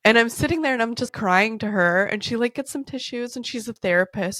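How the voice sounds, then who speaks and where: A woman's voice: on the high side, fairly quick, few pauses, fairly bright tone, no echo, clean studio sound. A woman in her thirties hosting a podcast, telling stories in a candid, swearing, laughing way. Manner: candid, profane, laughing storyteller. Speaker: podcast host. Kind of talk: casual storytelling chat.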